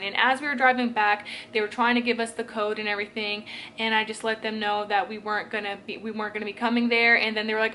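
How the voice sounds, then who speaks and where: A woman's voice: mid-range voice, flat delivery, fairly quick, bright, forceful tone, slight background noise. A young woman telling a personal story to her own camera in a casual vlog, rambling and emotional, with lots of filler words. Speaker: vlogger. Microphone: camera she films herself with.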